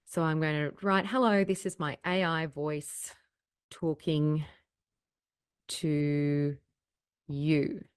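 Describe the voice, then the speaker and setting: A woman trainer narrating a recorded software tutorial step by step at her desk microphone, upbeat and explanatory. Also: low voice, fairly even intonation, slow, long pauses, smooth, no room sound, clean studio sound.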